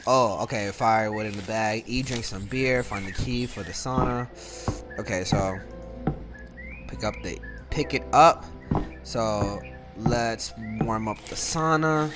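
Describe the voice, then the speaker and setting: A man giving casual let's-play commentary as a gaming YouTuber, slangy and quick to laugh. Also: lowish voice. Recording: game music playing behind the voice.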